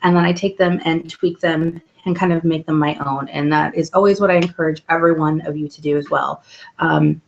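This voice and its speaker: A woman's voice: low-pitched, fairly even intonation, a little fast, vocal fry, lo-fi sound, slight background noise. A woman hosting a weekly live video hangout from home at night, chatting in an upbeat way with many ums. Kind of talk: casual live webcam talk. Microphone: laptop webcam mic.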